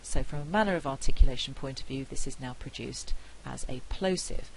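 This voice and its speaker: A middle-aged woman with a British accent giving a university lecture, explaining clearly and saying example words aloud. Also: rumbling low, a little hiss or hum, poor audio. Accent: British English. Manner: clear, measured explanation with spoken pronunciation examples. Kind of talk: recorded phonetics lecture.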